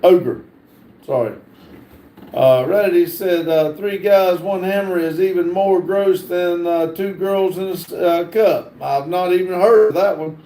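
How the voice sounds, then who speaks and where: Slow-talking man reading chat aloud. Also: high-pitched, warm tone, roomy sound, poor audio. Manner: reads viewer comments aloud with many fillers. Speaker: livestream host reading chat. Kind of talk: casual live chat.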